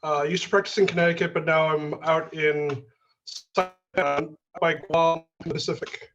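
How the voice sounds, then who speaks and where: A man's voice: a little high, steady tone, moderate pace, fairly bright tone. A child psychiatrist, a man, introducing himself matter-of-factly on a video call. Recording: dull lo-fi call with faint noise.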